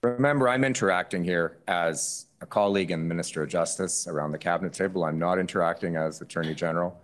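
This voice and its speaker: Low-pitched male official, measured explanatory testimony. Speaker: government minister.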